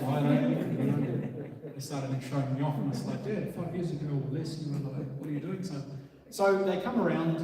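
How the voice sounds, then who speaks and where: A man's voice: medium pitch, mellow, far from the mic. Earnest New man in an echoey hall. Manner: earnest, filler-heavy, with frequent ums. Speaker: police officer speaking at a community session. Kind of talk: community presentation.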